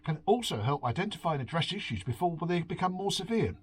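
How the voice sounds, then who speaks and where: A man's voice: a little high, animated, fast, hardly any pauses, fairly bright tone, slight background noise. A man hosting a beery home review, reading out an article and mocking it with sighs, swearing and sarcasm. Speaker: host. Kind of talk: drunken rambling review. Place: home, drinking beer.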